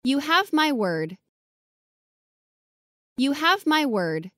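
A woman's voice: high-pitched, big pitch swings, drawn-out words, a bit bright, no echo, studio quality. A woman reading short English phrases for learners, enunciating each one carefully and saying it twice. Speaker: English model reader.

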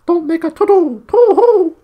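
A man voicing a sleepy, fussy male owl in a storybook, with a shrill, cooing voice. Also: lively intonation, a little slow, highs cut off. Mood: drowsy.

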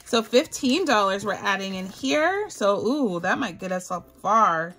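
A woman's voice: medium pitch, animated, unhurried, a bit bright. A woman from the Southern US with a Southern accent, chatting casually and giggling as she hosts a cash budgeting vlog. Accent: Southern American. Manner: bubbly, giggly, talks to viewers as y'all. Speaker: budgeting channel host.

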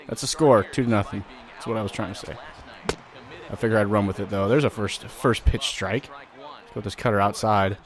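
A man hosting a gaming channel, giving loud, vulgar, excitable commentary while he plays. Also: lowish voice. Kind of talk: let's play commentary.

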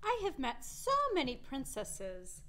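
A gentle young prince from a puppet storytime, polite and a little lovesick, as a woman puts him on. He speaks softly and unhurriedly, with an easy lilt in his voice. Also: sits high, huge pitch swings, measured pace, exaggerated voice. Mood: earnest.

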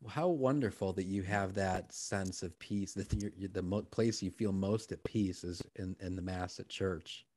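Deep-voiced gentle priest. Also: male voice, no echo, clean studio sound. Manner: gentle, affirming, slow and reflective. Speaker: priest hosting a live prayer program. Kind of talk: pastoral conversation.

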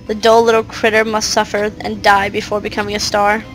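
A woman's voice: mid-range voice, monotone, a little fast, music in the background, natural voice. A woman voicing a troubled young girl who pleads anxiously with her cat and the adults around her. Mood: pleading.

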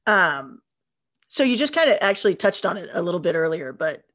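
A woman's voice: lowish voice, sing-song, fairly quick, a bit bright. A woman interviewing a guest over a video call, asking her questions hesitantly with many fillers. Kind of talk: conversational interview.

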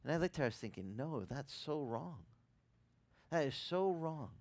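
A man preaching a sermon as a pastor, telling a personal story conversationally and growing louder and higher when impassioned. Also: lively intonation, moderate pace, no room sound. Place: church ministry in Hawaii.

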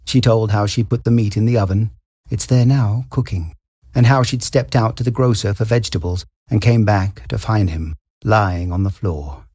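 A man reading a short story aloud in a measured, wry storytelling manner. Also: lowish voice, mellow, slightly rough, no room sound, studio quality. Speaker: story reader.

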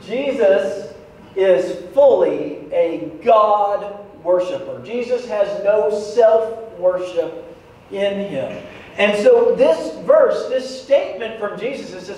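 A man, a pastor, preaching a sermon in a lively way, breaking off for jokes with the congregation. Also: high voice, takes it slowly, far from the mic. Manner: lively, joking asides to the congregation. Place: church sanctuary. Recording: echoey church hall, voice from afar, faint noise.

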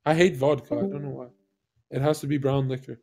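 A man's voice: mid-range voice, steady tone, a little fast, vocal fry, warm tone. A young man streamer telling stories in casual voice chat, brash and profane, rambling with lots of stumbling restarts.

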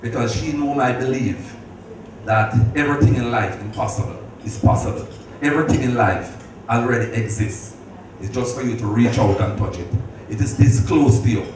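Still telling heartfelt stories with laughter and a preacherly tone, the middle-aged man speaks at normal speed in a medium, slightly mellow voice. The recording is distant and noisy, set in an echoing hall.

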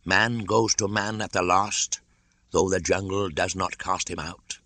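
A man voicing a cold-blooded giant male python who speaks in a grave, measured way in a storybook reading. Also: low voice, flat delivery, pushed and bright, voice pushed up. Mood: solemn.

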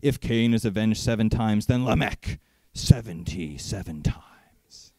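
A man voicing a boastful, vengeful ancient man, speaking slowly in a grave, booming chant. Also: animated, warm tone, no echo, clean studio sound.

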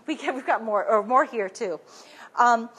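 A woman speaks to an audience at an event, her voice high and a little husky. She tells her story with energy, acts out other people's lines as she quotes them, and often restarts her sentences as she goes. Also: moderate pace, fairly bright tone. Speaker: speaker giving a talk. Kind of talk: animated storytelling talk to an audience.

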